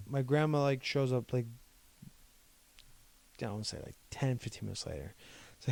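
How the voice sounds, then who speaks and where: A young Ohio man co-hosting a podcast rambles through a long personal story, retelling events by quoting what other people said, in a casual chat. His mid-range voice is darkish and creaky, with lively intonation, a moderate pace and frequent pauses. There's no echo.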